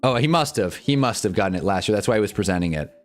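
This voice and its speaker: A young man live-streaming commentary on a football awards show, swearing and laughing as he swings from loud outbursts to low mumbles. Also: expressive, fast talker, soft background music. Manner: profane, laughs often.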